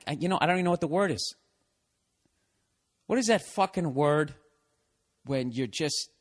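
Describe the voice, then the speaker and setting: A man's voice: fairly high pitch, fairly bright tone. Guy doing his podcast, swearing a lot, rambling, sarcastic answers to an email. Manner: profane, rambling, sarcastic, answers a letter aloud. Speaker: podcast host. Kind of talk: solo podcast rant, reading listener email.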